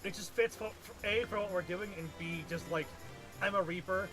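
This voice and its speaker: A man's voice: high-pitched, moderate pace, over music. A man chatting casually with a friend while they play a game together, rambling and restarting his sentences, with the odd swear. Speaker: co-player. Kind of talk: casual gaming chat.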